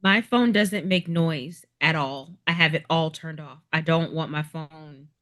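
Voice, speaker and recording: A woman guest with a fairly low voice, speaking in a measured, emphatic way. She hammers home her point by repeating it, with a wry edge. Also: a bit bright. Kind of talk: casual chat.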